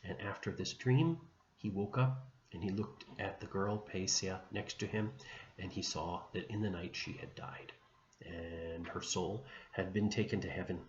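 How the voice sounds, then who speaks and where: A man with a lowish voice tells a saint's story to a class in a gentle, unhurried way. The recording is dull and muffled, echoing in a room with a faint hum behind him. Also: fairly even intonation. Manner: gentle, unhurried retelling with small restarts. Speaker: religion teacher.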